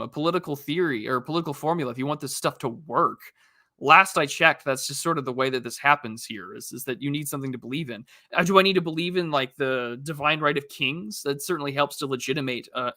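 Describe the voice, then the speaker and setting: A man's voice: mid-range voice, pushed and bright, no room sound, studio quality. A man hosting a casual livestream, rambling through topics with many fillers and restarts while answering chat. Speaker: livestream host.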